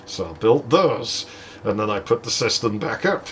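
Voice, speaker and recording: A man's voice: fairly low pitch, lively intonation, normal speed, a bit bright, a little hiss or hum. A man hosting a let's play, telling a story casually with lots of swearing and laughter. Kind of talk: casual gameplay commentary and storytelling.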